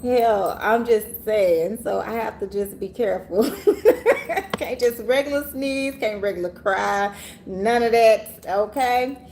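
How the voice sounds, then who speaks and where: A woman reader hosting a casual livestream, animated and laughing often, talking straight to her viewers in a room in the city. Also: medium pitch, a little slow, slight background noise. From Orange Mound, Memphis area, USA. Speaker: tarot reader and livestream host. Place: city hotel room, sirens outside.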